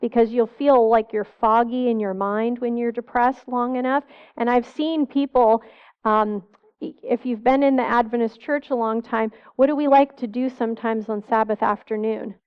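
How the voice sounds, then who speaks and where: A woman's voice: a little high, steady tone, moderate pace, smooth, muffled recording. A middle-aged woman therapist giving a church seminar talk, earnest, asking the audience questions as she lists symptoms.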